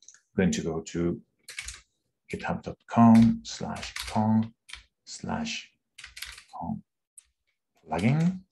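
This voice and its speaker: Man, low voice, slow pace, engineer thinking aloud during a demo. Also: big pitch swings, creaky, dark tone, a little hiss or hum. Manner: unhurried, thinks aloud with restarts. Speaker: engineer presenting a live demo. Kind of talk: screen-share coding walkthrough.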